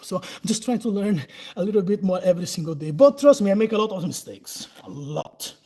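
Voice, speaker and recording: A Brazilian-accented man in his forties explains self-defense moves in a loose, chatty way, breaking into laughs. His voice sits high for a man. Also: expressive, fairly quick, warm tone, low-quality recording. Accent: Brazilian Portuguese. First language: Portuguese. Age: 40s. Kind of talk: casual live Q&A and instruction.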